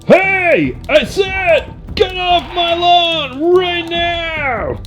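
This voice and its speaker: A man voicing a grumpy, toothless old male monster who shouts at kids to get off his lawn. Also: extremely high pitch, expressive, very slow, over music, voice pushed up, heavily acted. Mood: cranky shouting. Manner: shouting, cranky.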